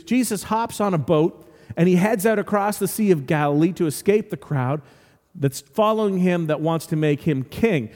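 A man preaching a sermon, telling the story in an animated way with humorous asides. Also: sits high, in a large hall. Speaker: pastor.

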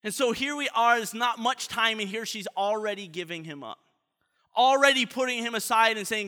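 A man preaching a sermon in an earnest way, often letting his voice drop soft at the ends of points. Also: very high voice, normal speed. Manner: earnest, often trailing off softly. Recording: long reverb of a large hall.

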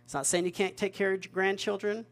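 Male pastor, slightly high voice, chatty sermon delivery full of repeated words and "right?" check-ins. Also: flat delivery, quick pace. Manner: conversational, repeats words, asks the audience questions.

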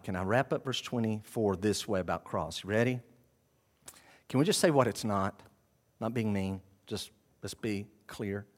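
A man preaching a sermon to his congregation, animated and full of questions to the room. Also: mid-range voice. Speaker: pastor. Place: church sanctuary with congregation.

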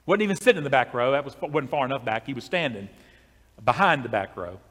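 A pastor telling a long story in a sermon, in a conversational way with many restarts. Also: male voice, mid-range voice, lively intonation, fast, a bit bright, big-room sound.

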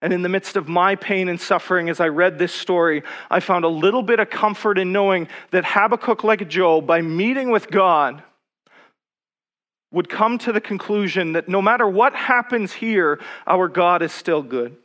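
A man preaching a sermon, reading scripture slowly and then pressing personal questions with rising intensity. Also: high voice, fairly bright tone.

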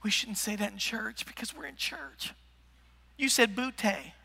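A man preaching a comedic sermon, telling stories with lively asides to the congregation. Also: high-pitched, measured pace, gravelly, slightly rough. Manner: animated storytelling with asides to the congregation. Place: large church hall. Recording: echoey church hall.

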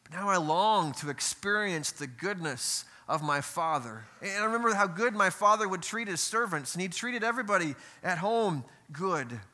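A middle-aged pastor delivers a sermon in a church, speaking in a conversational way with frequent asides and rhetorical questions. His voice is bright and forward, pitched slightly above average for a man. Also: lively intonation, normal speed, hardly any pauses. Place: church sanctuary.

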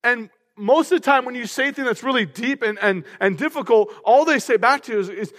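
A man preaching a sermon as pastor, energetic and humorous in a conversational way. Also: extremely high pitch, fairly quick, few pauses. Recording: long hall reverb.

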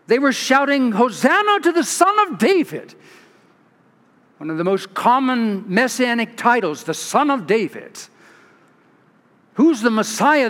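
A man from California, a pastor giving an expressive storytelling sermon with restarts and asides. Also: very high-pitched. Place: large church. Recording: long church reverb.

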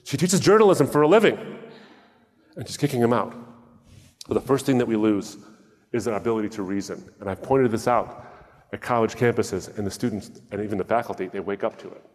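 A man's voice: on the low side, lively intonation, a little fast, a little mellow, big-room sound. A man giving a talk in a sermon style, telling a story with wry humor and acted-out dialogue. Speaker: speaker.

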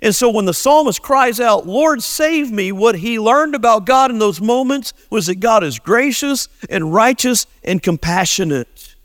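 A pastor preaching in an earnest, animated voice that swings widely in pitch, slowing and sinking low on his key phrases. His voice sits a little high for a man, and the recording is dry and close, with no room sound. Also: dry recording. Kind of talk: sermon.

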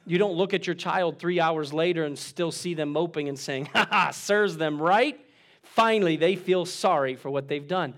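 A middle-aged man, a pastor, preaching a sermon, exhorting with emphatic peaks that drop to soft, quiet lines. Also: fairly high pitch, normal speed, hardly any pauses.

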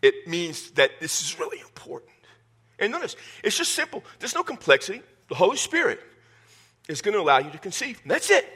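A man preaching in a high, bright voice that swoops up and down as he jokes with his congregation. His tone is a little husky, and his delivery is folksy and animated. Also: a little fast. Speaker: pastor. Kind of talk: sermon. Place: church sanctuary with congregation.

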